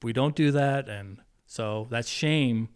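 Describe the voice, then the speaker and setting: A man's voice: medium pitch, slow, smooth. A man in his fifties telling a personal story as a podcast guest, candid and emotional, often breaking off and restarting. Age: 50s.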